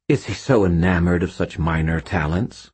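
A man voicing a haughty, contemptuous female spirit in an audiobook, husky and imperious. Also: low voice, normal speed, darkish tone. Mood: smug. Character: haughty female spirit lady seeking a body. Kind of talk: audiobook narration.

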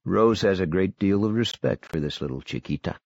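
A man voicing a grim, steady male leader who talks low and quiet. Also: brisk, creaky, dry recording, dull audio, heavily acted.

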